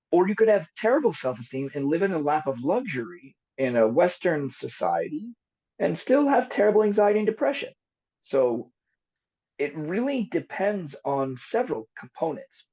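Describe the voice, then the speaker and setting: A man, a psychologist guest on a podcast, explaining therapy with animated, storytelling delivery. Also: fairly high pitch, husky. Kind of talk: podcast interview. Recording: dull lo-fi recording.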